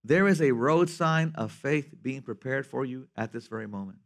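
A man preaching a lively sermon as pastor, swinging from loud to soft. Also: medium pitch, moderate pace, vocal fry.

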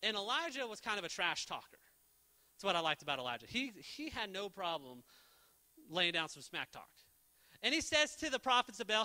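A young man preaching a casual, joking sermon, telling the story with lively energy and jumping into quick quoted voices for the characters. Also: high-pitched. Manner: jokey. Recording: long reverb of a church hall.

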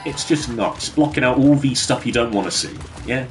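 A man's voice: mid-range voice, normal speed, faint music behind. A man chatting casually with his viewers while streaming a game from his bedroom, laughing often and bantering with the chat.

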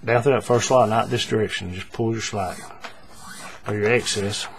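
A man giving a relaxed, step-by-step paracord crafting tutorial, talking through each move with frequent fillers and repeats. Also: fairly low pitch, normal speed, a little hiss or hum.

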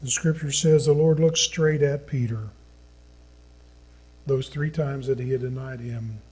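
A man preaching a sermon as a pastor, reading scripture in an earnest, slow manner that sinks to a hushed tone at solemn points. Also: medium pitch, fairly even intonation, breathy edge, poor audio.

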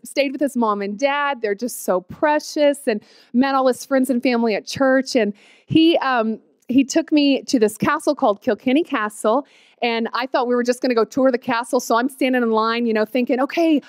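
A woman, telling her personal testimony in an animated, storytelling way. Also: a little high, smooth, no room sound, clean studio sound. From Oklahoma, USA. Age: 30s. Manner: animated storytelling, quotes herself with squeals and laughs.

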